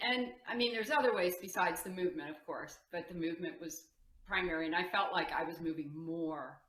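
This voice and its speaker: A woman's voice: low-pitched, fairly bright tone. A woman music teacher, a guest on the podcast, talking earnestly about teaching and acting out what she says to children. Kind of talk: casual chat. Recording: echoey room.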